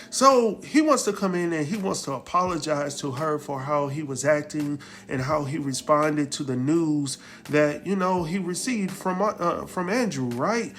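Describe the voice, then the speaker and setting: Animated man recapping a TV drama. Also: on the high side. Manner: animated storytelling, acts out quotes, laughs often. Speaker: recap host. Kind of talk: casual TV recap.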